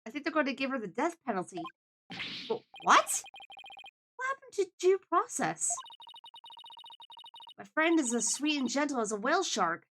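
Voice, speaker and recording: A woman's voice: sits high, lively intonation, brisk, bright, forceful tone, a little hiss or hum. A woman reading an earnest young showgirl. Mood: pleading. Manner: earnest, pun-loving. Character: upbeat young woman performer, pleading for a friend. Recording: game music behind.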